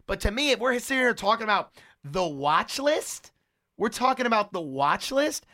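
A man with a high, bright, forceful voice hosts a sports debate, ranting and hammering his points with sarcasm. The sound is dry and close. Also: sing-song, normal speed, no echo.

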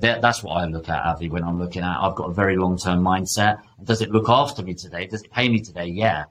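A man's voice: on the low side, a little hiss or hum. A man talking as a podcast guest, emphatic and fired up, swearing freely. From United Kingdom. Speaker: podcast guest, property investor. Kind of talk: casual podcast chat.

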